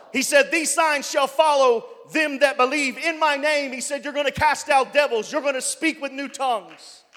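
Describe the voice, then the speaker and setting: A man preaching a sermon as pastor, building up to loud shouted passages. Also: very high-pitched, big-room sound. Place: church.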